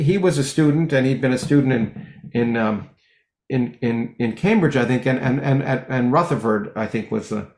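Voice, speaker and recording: A middle-aged man, a physicist guest in an interview, talking in long rambling stretches full of restarts and lively anecdotes. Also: mid-range voice, roomy sound. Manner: rambling with many restarts, animated when telling jokes. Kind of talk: conversational interview, anecdotal storytelling.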